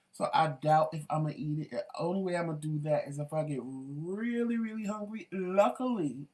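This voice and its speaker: A man hosting a casual home talk show, chatty and animated and quick to laugh. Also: a little high. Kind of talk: casual chat.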